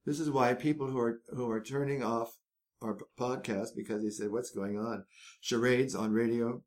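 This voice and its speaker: A man's voice: mid-range voice, fairly even intonation, moderate pace, a little mellow. A man hosting a podcast, chatty and self-mocking, rambling with frequent restarts. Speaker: podcast host. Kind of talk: casual podcast chat.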